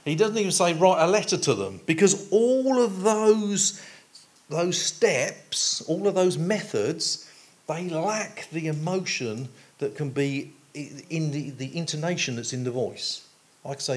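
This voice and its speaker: A man's voice: on the high side, animated, unhurried. A man preaching a sermon in a conversational way, explaining his points with homely everyday examples. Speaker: pastor.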